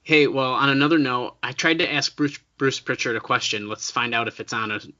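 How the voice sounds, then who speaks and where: A man's voice: medium pitch, fairly even intonation, a little fast, bright, forceful tone. A man co-hosting a casual podcast, eagerly recounting an online exchange and quoting what each person wrote, over a remote call. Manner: eager storyteller who recounts exchanges with quoted lines. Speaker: podcast co-host. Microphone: remote call headset mic. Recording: dull lo-fi call audio.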